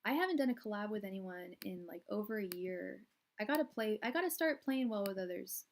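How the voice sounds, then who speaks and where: A woman's voice: mid-range voice, lively intonation, a little fast, slight background noise. Casual woman reading tarot cards. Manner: casual, rambling, many fillers and restarts; projecting loudly so the audio carries. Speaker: tarot reader. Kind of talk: live-stream tarot reading.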